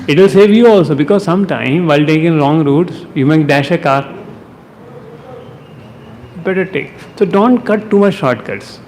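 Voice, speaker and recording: A man with an Indian English accent teaching a devotional class, lively and teasing, with rhetorical questions and chuckles. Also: fairly high pitch, moderate pace, long pauses. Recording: long hall reverb, faint noise.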